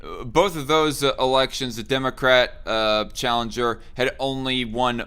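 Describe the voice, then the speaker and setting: A man's voice: medium pitch, fairly even intonation, moderate pace, a bit bright, smooth. A man hosting a casual political chat, thinking aloud with many fillers and restarts. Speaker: host.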